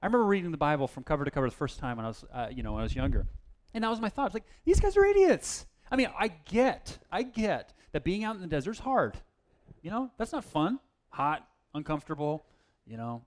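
A man's voice: on the high side, very animated, quick pace. A man preaching a casual, self-deprecating sermon, with plenty of fillers and restarts. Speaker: pastor.

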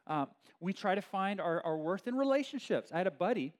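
Lively, animated male pastor preaching. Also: sits high, fairly quick. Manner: conversational, animated, with many fillers and restarts. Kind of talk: sermon. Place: church meeting room with a live audience.

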